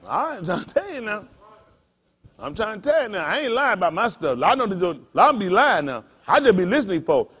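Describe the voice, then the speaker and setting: Pastor guy with a high voice preaching, folksy stories, gets loud and loose, pitch jumps all over. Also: a little fast, breathy edge. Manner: animated, bursts into shouts and laughter, folksy preaching. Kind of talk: sermon with personal storytelling. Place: congregation hall.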